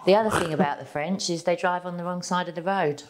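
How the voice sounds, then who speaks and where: A woman on a podcast, bringing up new topics in a measured, casual way. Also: on the low side, steady tone, noisy background. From England. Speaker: podcast co-host. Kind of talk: casual chat.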